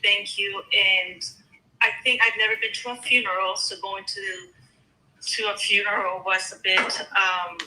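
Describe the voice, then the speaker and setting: A woman's voice: mid-range voice, fairly even intonation, a little slow, sharp tone, roomy sound, slight background noise, rough recording. A woman in her thirties from Canada, a guest talking in a casual chat, emotional and hesitant with many fillers. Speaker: guest caller.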